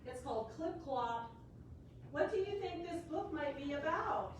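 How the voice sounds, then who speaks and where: A woman's voice: high voice, expressive, unhurried. A woman, a children's librarian reading a picture book to preschoolers and coaxing them with questions. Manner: bright, coaxing teacher talk with questions. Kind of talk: story time read-aloud for preschoolers. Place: library story room. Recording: echoey room, distant mic, faint hiss.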